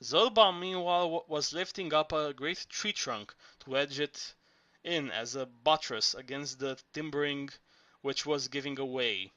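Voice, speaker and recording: A man reading novel narration aloud, steady with small restarts. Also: fairly high pitch, a little slow, no room sound. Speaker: audiobook reader.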